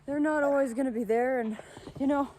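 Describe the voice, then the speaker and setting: Out in the snow, a young woman records a casual vlog while playing with her dog, her high voice slightly fast and a bit breathless. She's chatty and playful as she coaxes the dog, with background noise behind her.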